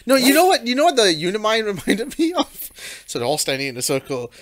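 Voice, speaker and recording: A podcaster chatting about a film with a dry, sweary wit. The pitch ranges widely and is animated. Scenes get mocked with acted-out quotes. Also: quick pace, no echo. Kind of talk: casual film-review chat.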